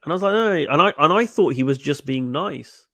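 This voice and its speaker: Middle-aged man, gravelly voice, dry sound, animated storyteller, repeats words. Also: fairly high pitch, a little fast, dry recording. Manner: storytelling, repeats words, acts out quoted dialogue. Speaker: coach. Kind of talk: webinar interview answers.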